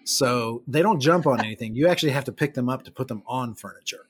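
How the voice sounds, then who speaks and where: A man's voice: medium pitch, quick pace, husky. A man chatting casually, telling amused stories about his dogs. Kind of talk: casual chat.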